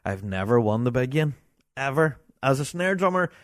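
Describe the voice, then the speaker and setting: A middle-aged man, hosting a podcast in a chatty, animated way, reading listener emails aloud and laughing often. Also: medium pitch, normal speed, dry recording, clean studio sound. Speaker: podcast host.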